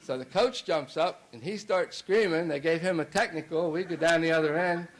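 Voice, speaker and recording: The audio is poor as a middle-aged basketball coach delivers a long anecdote in his banquet speech, heavy with fillers and restarts. His voice is a little high, and he keeps a moderate pace.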